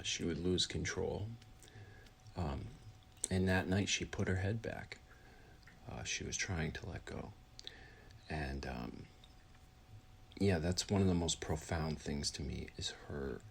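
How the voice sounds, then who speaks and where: Grieving guy with a super low voice, halting, lots of restarts, slips into whispers sometimes. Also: creaky, slightly rough. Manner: halting, with many pauses and restarts; drops to a soft whisper at times. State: grieving, voice heavy with emotion. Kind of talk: heartfelt personal account.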